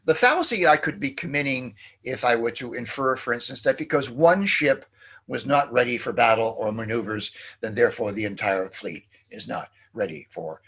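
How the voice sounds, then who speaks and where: Husky, lively-voiced male professor. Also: mid-range voice, normal speed. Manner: animated, hesitant, with many fillers and restarts; acts out quoted jokes in a playful sing-song. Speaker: philosophy professor. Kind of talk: recorded lecture.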